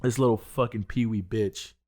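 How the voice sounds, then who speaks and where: A man's voice: on the low side, fairly even intonation, moderate pace, a little mellow. A young man co-hosting a podcast, ranting heatedly with heavy swearing. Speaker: podcast co-host. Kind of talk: casual chat.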